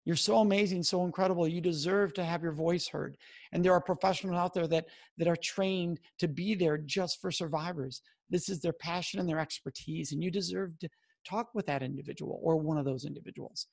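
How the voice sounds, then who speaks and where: A middle-aged man with a high-sitting, creaky, husky, slightly mellow voice talks fairly quickly and directly to camera. Speaking on sexual assault prevention, he earnestly coaches listeners on what to say, stressing key words.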